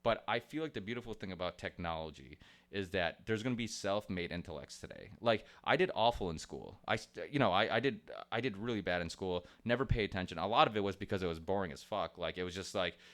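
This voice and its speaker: A man's voice: sits low, fast, fairly bright tone. A man hosting a podcast in casual chat, rambling with many restarts, swearing and laughing easily. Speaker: podcast host.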